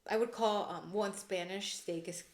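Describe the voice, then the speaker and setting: A woman co-hosting a podcast in casual chat, telling family stories with warmth and giggles. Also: medium pitch, normal speed. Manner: warm, giggly storytelling. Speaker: podcast co-host. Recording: echoey room.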